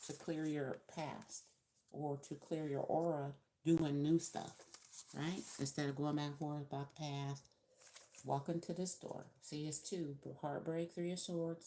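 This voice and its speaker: A woman's voice: deep voice, dark tone, a little hiss or hum. A woman giving a casual tarot reading, chatty and laughing often, acting out the people she quotes. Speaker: tarot reader.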